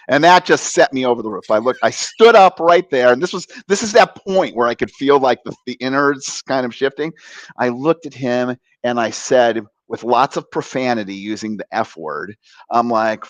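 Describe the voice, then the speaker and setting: A man in his fifties, a guest author and coach, telling a personal story with lively acted-out voices and sound effects. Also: medium pitch, moderate pace, no room sound. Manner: animated, acts out voices with bursts of sound effects; frequent fillers and restarts, laughs while telling.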